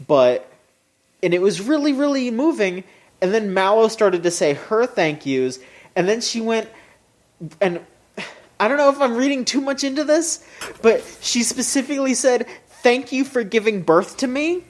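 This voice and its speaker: Podcast co-host, mid-range voice, excitable recap with swearing, remote call mic. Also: normal speed. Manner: animated and swearing, pitch jumping up when excited. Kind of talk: casual chat, recapping an anime episode.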